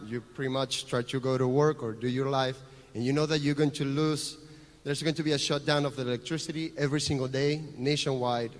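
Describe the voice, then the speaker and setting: A man from Venezuela, a native Spanish speaker with a Venezuelan accent, giving an earnest, explanatory conference talk with fillers. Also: medium pitch. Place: conference hall. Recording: echoey conference hall.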